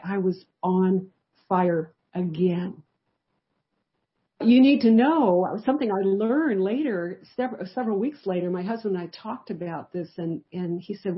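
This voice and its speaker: A woman's voice: medium pitch, muffled recording. A woman teaching a live Bible study, telling a personal testimony in a conversational, storytelling way. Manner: conversational storytelling, lively shifts in loudness.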